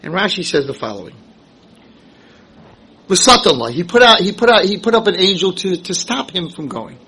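A male rabbi delivering a Torah lecture with big emphatic swings, firing rhetorical questions at his listeners and breaking into shouts. His voice sits high and bright, with a husky grain. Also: moderate pace, pauses often, poor audio. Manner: animated, emphatic, rising to shouts; rhetorical questions, acts out quotes. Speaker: rabbi teaching a Torah class.

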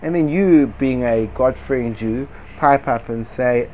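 A man teaching Torah in a lively, argumentative discussion, firing rhetorical questions and sprinkling Hebrew and Yiddish yeshiva terms into his speech. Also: medium pitch, measured pace. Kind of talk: lively Talmudic-style discussion.

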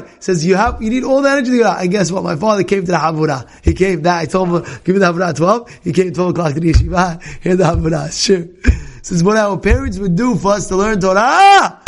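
Speaking quickly, a man teaches Torah to a live class, spinning stories with fervor and mixing in Hebrew and Yiddish words. He's animated throughout and breaks into shouts whenever the story peaks.

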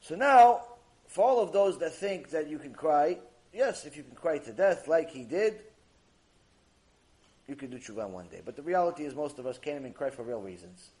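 A man giving a mussar lesson on Jewish ethics, animated and acting out little dialogues, reading Hebrew passages quickly. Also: fairly high pitch. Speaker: Torah teacher. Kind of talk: mussar lecture.

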